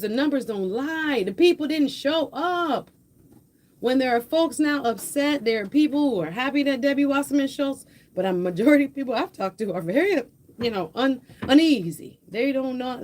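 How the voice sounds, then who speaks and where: A woman's voice: high-pitched, darkish tone. A woman hosting a live political talk stream, speaking in a passionate, conversational way and addressing viewers directly. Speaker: host of a political livestream. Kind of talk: casual live political commentary. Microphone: headphones with a mic, home streaming setup.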